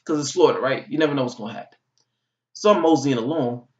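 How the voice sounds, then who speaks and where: A young man from Georgia in his twenties, telling a funny story in a vlog, animated and full of swearing. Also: medium pitch, fast. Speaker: vlogger. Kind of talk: comic storytelling. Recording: dull, slightly distant recording.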